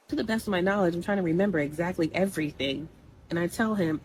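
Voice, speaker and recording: Fast-talking low-voiced young woman. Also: a little hiss or hum, rough recording. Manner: blunt, animated, conversational with asides. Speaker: storyteller. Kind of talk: casual personal storytelling.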